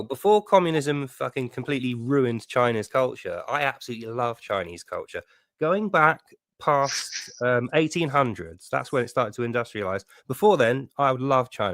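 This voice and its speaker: A blunt British man hosting a live debate, cursing freely. His pitch swings a lot as he argues. The sound is dry and close. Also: no echo. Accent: British English. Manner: blunt, swearing, animated. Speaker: host.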